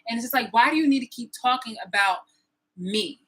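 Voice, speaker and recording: A woman in her thirties with a bright, forceful voice and a husky edge. She rants to her viewers in a profane, confrontational way, circling back and repeating herself. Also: on the high side, lively intonation, fairly quick, low-quality recording. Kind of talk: angry personal vlog rant.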